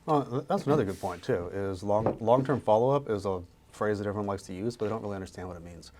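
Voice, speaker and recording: A man with a lowish voice talks real estate on a podcast at a brisk clip. He gets animated when he acts out sales pitches to sellers, and the talk stays casual throughout. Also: background noise.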